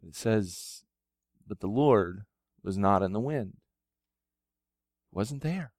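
A pastor preaching a sermon, moving from quiet, low retelling to loud, soaring exhortation. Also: male voice, animated, takes it slowly, dry recording, clean studio sound. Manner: swings from soft, low storytelling to loud, high-pitched preaching.

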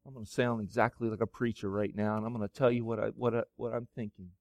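A pastor preaching a sermon, moving from quiet, low retelling to loud, soaring exhortation. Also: male voice, little pitch movement, fast, no echo, studio quality. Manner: swings from soft, low storytelling to loud, high-pitched preaching.

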